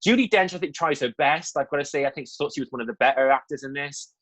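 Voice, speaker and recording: A man's voice: fairly high pitch, fast talker, fairly bright tone, rough recording. Man, young adult, film review co-host, casual chat, candid, filler-heavy. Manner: chatty, candid, lots of fillers and asides.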